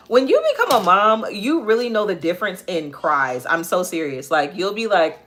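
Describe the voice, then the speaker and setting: Bright-voiced woman hosting a live makeup tutorial. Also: medium pitch, big pitch swings, brisk, hardly any pauses. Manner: chatty, reads out viewer comments and answers them. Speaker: makeup vlogger and livestream host. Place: home, near a kitchen.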